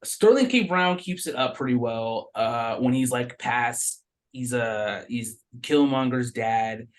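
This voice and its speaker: Animated man on a film review panel. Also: mid-range voice, slow. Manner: animated, talks in bursts with self-corrections. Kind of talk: casual podcast discussion.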